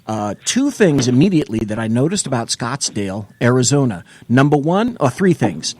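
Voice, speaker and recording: A man's voice: mid-range voice, sing-song, moderate pace, a little mellow, slight background noise. A man hosting a late-night call-in talk show, joking and bantering with salty asides.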